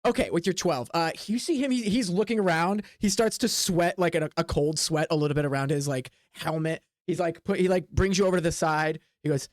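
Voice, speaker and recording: A man's voice: on the high side, a little fast, hardly any pauses, dry recording. Chatty male game master, dry close sound. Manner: loose and chatty, with frequent restarts. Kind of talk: narrating a tabletop game.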